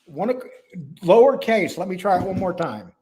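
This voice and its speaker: A man from New York hosts a casual podcast, rambling and talkative as he jumps from topic to topic, his New York accent mixed with a Wisconsin one. His high-pitched voice is expressive and warm at a moderate pace, with a little hiss or hum in the background.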